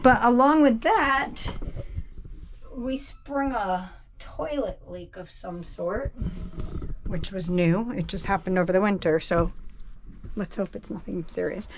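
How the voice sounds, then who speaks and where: A woman's voice: mid-range voice, slight background noise. A woman from New England on her boat, out of breath, chatting in a casual, rambling vlog style. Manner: chatty, laughing, slow and rambling. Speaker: boat vlogger. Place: on a boat, below deck.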